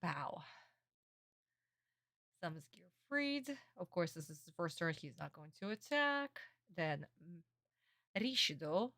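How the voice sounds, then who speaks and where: A woman streamer giving casual reaction commentary on an anime, animated and affectionate, calling her viewers darlings. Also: fairly low pitch, dry recording, clean studio sound.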